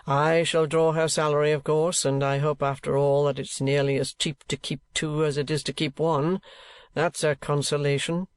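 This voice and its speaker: A man puts on a smug, tight-fisted old rate collector for a storybook reading, drawing out each word slowly in a fussy, self-satisfied way. The voice sits a touch higher than usual and comes across close and dry, with no room around it. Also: level tone, clear, resonant tone, no room sound, natural voice. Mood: pompous. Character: pompous, penny-pinching older male rate collector.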